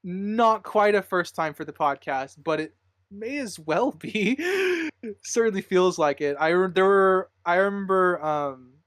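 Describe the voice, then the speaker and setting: Guy hosting a movie podcast, kinda high voice, rambles and laughs a lot, dry close mic. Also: lively intonation, a little slow, a bit bright, no room sound. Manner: rambling, laughs often, many fillers. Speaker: podcast host. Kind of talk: casual podcast chat.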